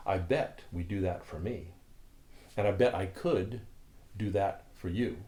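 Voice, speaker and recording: A man who leads a spiritual community, telling a story in a calm, earnest, reflective way. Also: fairly low pitch.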